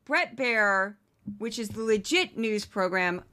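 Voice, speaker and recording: Bright sarcastic woman podcast host. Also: medium pitch, animated, clear, resonant tone. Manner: sarcastic, quick asides. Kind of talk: casual political commentary.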